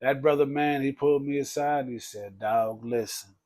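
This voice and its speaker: A man telling his life story in a casual podcast conversation, talking loosely and dropping low to quote others. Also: fairly even intonation, fairly quick, a little mellow. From Texas. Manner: conversational, peppers speech with "man" and "bro", drops low for quoted speech. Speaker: podcast guest.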